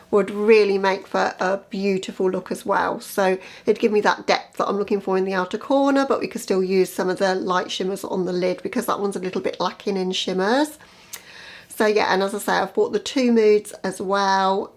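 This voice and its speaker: Chatty woman makeup vlogger. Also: medium pitch. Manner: chatty and conversational, repeats "as I say"; quiet, half-murmured commentary while applying makeup. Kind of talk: casual makeup tutorial chat.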